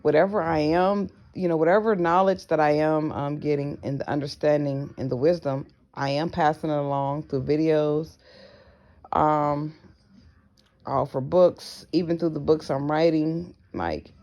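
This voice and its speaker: A woman's voice: low-pitched, moderate pace, darkish tone, muffled recording. A woman talking frankly to her viewers in a casual vlog, blunt and profane, with slangy asides. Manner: acts out other people's voices in her stories. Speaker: vlogger. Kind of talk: casual personal vlog monologue.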